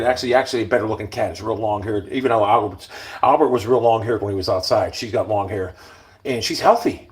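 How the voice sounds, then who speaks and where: A middle-aged man rambles through a casual monologue in a blunt, cursing way, his voice set at an ordinary middle pitch. He keeps slipping down into low, quiet muttering between his louder remarks. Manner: blunt, profane, rambling, often drops to a mutter. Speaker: vlogger.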